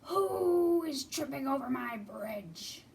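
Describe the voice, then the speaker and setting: A woman voicing a mean male troll who drawls out slow, booming threats, recorded from a distance. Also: expressive, vocal fry, darkish tone, slight background noise, exaggerated voice. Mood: menacing. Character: mean bridge-dwelling troll, male, menacing.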